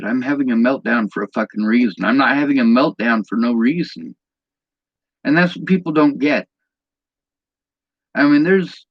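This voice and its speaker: A man's voice: medium pitch, slightly rough, no echo, muffled recording. A man in an angry personal vlog rant, bitter and agitated, swearing often.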